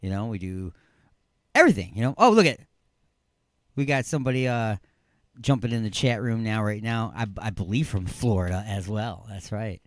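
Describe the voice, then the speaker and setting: A middle-aged man hosting a call-in radio show from a studio, joking and rambling excitedly. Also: fairly low pitch, moderate pace, no room sound. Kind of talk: casual call-in radio chat.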